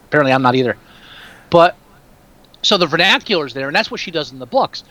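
A man's voice: on the high side, expressive, quick pace, bright, forceful tone, low-quality recording. A man chatting casually on a podcast with a New Jersey accent, rambling with frequent restarts and mocking asides. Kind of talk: casual chat.

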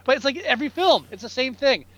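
A man in his thirties co-hosting a casual movie review podcast. He talks in an animated, profane way and acts out characters from films. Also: very high-pitched, quick pace, no room sound. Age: 30s. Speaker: podcast co-host. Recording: dry, slightly dull sound.

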